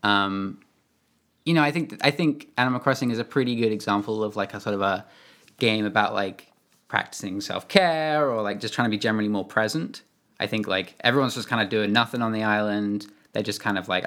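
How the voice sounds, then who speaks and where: A man's voice: fairly low pitch, a little fast, a bit bright. A man talking casually about video games, hesitant and full of fillers. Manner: hesitant, lots of fillers and restarts. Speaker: podcast co-host.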